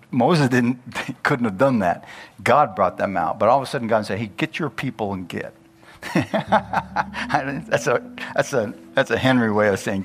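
A man preaching a sermon, folksy and chatty, laughing often and acting out Bible figures in a homely voice. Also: medium pitch. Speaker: pastor.

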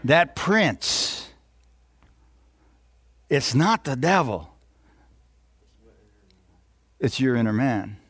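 A man preaches to his congregation in a call-and-response style, asking again and again for an amen. He chuckles between points and slows down to read scripture aloud. His voice sits at a middle pitch and sounds close and dry. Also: sing-song, fairly bright tone, slightly rough, no room sound. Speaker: pastor. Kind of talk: sermon.

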